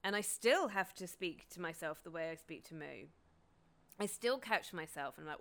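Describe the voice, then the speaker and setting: A woman's voice: lowish voice, animated, moderate pace, fairly bright tone. A woman, hosting a podcast in a candid, casual, sweary monologue. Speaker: podcast host.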